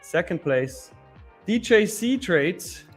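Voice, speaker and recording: A man's voice: high-pitched, sing-song, takes it slowly. Laid-back man chatting over music. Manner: loose, laughing, trails off mid-sentence. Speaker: trading show co-host. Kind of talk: casual live-stream chat.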